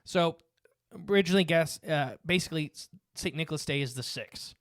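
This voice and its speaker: Speaking a little high and fairly quickly, this podcast co-host reads facts off his notes and wanders into fillers and restarts. He's recorded on a dry close mic that picks up no room sound.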